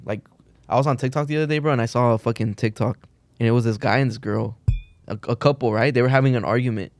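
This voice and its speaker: Fast-talking young man telling stories. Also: mid-range voice, steady tone, dry recording. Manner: rambling storyteller, slangy, says "bro" often. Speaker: podcast co-host. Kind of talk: casual chat.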